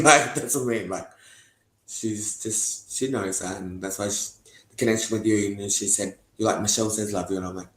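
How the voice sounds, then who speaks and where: Young guy, low-pitched, loose and profane, recorded in a roomy echo. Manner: rambling, heavy swearing, frequent laughs. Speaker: interviewee giving testimony. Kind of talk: candid casual talk. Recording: echoey room.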